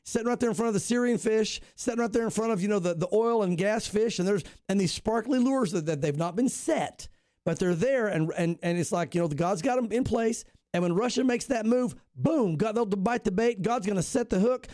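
Man, pastor, high voice, dry close sound, animated, emphatic. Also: brisk, no echo. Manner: animated, emphatic, rambling with restarts. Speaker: pastor, guest commentator. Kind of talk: casual radio talk on prophecy.

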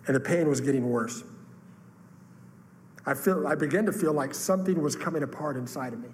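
A man's voice: fairly high pitch, fairly quick, a little hiss or hum. A man preaching a sermon, telling a personal story with earnest emotion. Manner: earnest, emotional testimony with rising outbursts. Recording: long hall reverb, faint room ambience.

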